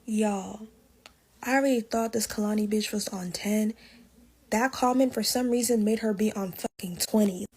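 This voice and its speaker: A woman telling a casual storytime to camera in slangy, lively speech. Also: mid-range voice, moderate pace, breathy edge.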